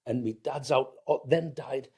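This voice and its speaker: Here a podcast guest who owns a family business, a man in his fifties with a North East English accent from County Durham, England, chats casually through family tales. He talks at a normal speed in a mid-range voice that's a little mellow, with a breathy edge. Words get repeated as he restarts them, and he imitates people he quotes.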